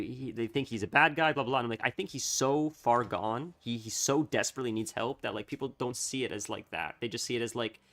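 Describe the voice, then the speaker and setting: A man streaming a game, chatting casually, thinking out loud in a rambling way and laughing easily. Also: medium pitch. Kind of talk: casual chat while gaming.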